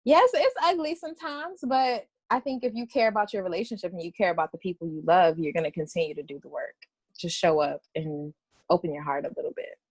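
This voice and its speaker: A woman's voice: fairly low pitch, a little fast, slightly rough, no echo. Woman poet chatting real open, lots of restarts, kinda teary, dry close sound. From Washington, D.C. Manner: candid, rambling, with frequent laughs and restarts. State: tearful at times. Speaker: poet and guest. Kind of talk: emotional interview conversation.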